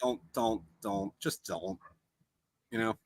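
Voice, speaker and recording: A man's voice: lowish voice, fairly even intonation, slow. A man hosting a casual podcast interview over a remote call, chiming in with joking remarks. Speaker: podcast host.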